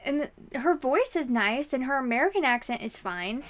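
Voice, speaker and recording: A young woman talks through her reading month in a loose, chatty way, circling back and restarting her thoughts. Her voice sits a little high and she fills the pauses with ums. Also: lively intonation, a bit bright, a little hiss or hum. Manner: chatty, rambling, lots of fillers and restarts. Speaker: book vlogger. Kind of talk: casual book review chat.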